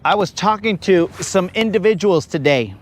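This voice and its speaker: A man chatting casually on a live fishing stream, telling stories in an animated way, calling everyone bro and breaking into whooping yells. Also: sits high, normal speed. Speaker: fishing livestreamer.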